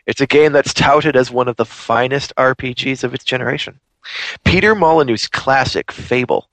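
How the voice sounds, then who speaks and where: A man's voice: mid-range voice, normal speed, a bit bright, dry recording. A man hosting a podcast, ranting animatedly in casual chat. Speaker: podcast host.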